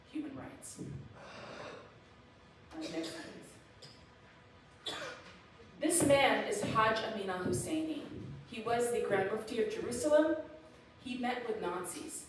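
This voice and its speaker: Female guest lecturer, animated and emphatic, mid-pitched voice, distant mic in an echoey hall. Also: a little hiss or hum. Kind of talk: public lecture with slides. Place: event hall.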